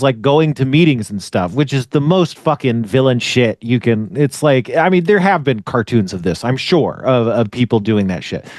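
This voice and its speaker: A man co-hosting a podcast, casually thinking out loud with lots of fillers and restarts and frequent laughs. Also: medium pitch, dry recording, studio quality. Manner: laughs often while talking. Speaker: podcast co-host. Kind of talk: casual conversational commentary.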